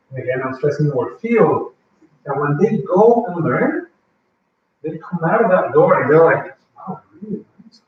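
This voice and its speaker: A man with a fairly high voice presents a language-learning workshop live, chatting conversationally and regularly quizzing the audience. There's a little background noise, and the sound is echoey and muffled, as if the microphone were far off.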